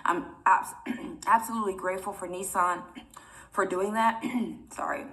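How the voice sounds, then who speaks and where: A woman's voice: medium pitch, steady tone, a little slow, sharp tone. A young woman vlogger telling a personal story to her viewers in a rambling, chatty way, often close to tears. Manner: emotional, near tears.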